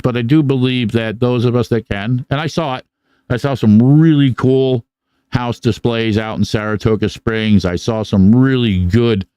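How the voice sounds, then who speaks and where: Profane, rambling podcast host, low voice. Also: male voice, darkish tone, clear, resonant tone, no room sound. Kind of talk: casual live podcast monologue.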